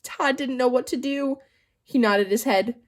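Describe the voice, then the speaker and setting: A woman narrating a children's novel aloud in a lively storytelling manner. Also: high voice, measured pace. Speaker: audiobook narrator.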